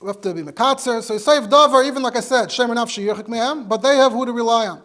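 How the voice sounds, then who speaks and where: High-voiced rabbi teaching a class. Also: male voice, fast talker, a bit bright. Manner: explanatory, mixes Hebrew and Yiddish terms into English. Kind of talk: Torah lecture.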